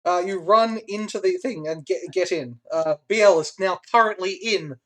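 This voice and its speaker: Game master narrating a tabletop game, lively, keeps laughing, lots of uhs and restarts, mid-pitched. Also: moderate pace. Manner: lively, laughs often, many fillers and restarts.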